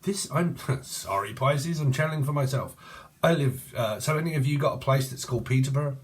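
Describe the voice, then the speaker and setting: An English-accented man reads tarot off the cuff, his voice at an ordinary middle pitch. He free-associates loosely and throws in crude jokes as he goes. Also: brisk. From Cambridgeshire, England. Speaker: tarot reader. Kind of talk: casual channeled tarot reading.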